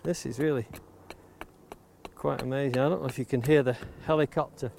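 A man's voice: mid-range voice, steady tone, brisk, a little mellow. A man teaching how to shape a wooden blank with an axe, explaining each step and stressing safety, recorded outdoors near the coast. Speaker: woodcarving instructor. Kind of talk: hands-on demonstration tutorial. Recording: clear background noise of chopping and clicks. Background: axe chops and clicks.

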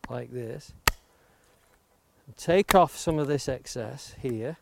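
A man's voice: medium pitch, slow pace. A man teaching how to shape a wooden blank with an axe, explaining each step and stressing safety, recorded outdoors near the coast. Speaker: woodcarving instructor. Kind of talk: hands-on demonstration tutorial. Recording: clear background noise of chopping and clicks. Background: axe chops and clicks.

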